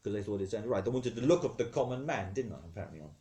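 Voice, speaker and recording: A man's voice: fairly low pitch, animated, rapid-fire, dark tone. A man with a posh British accent hosting a comedy show as God, chatty and easily sidetracked, rambling and interrupting himself. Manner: rambling, digressive, self-interrupting. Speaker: comedy podcast host. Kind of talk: comedic character monologue answering listener questions.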